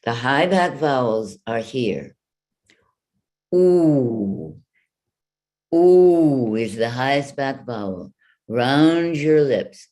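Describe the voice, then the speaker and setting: A woman teaching speech over a video call, slowly demonstrating vowels and consonants with drawn-out sounds. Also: rumbling low, warm tone.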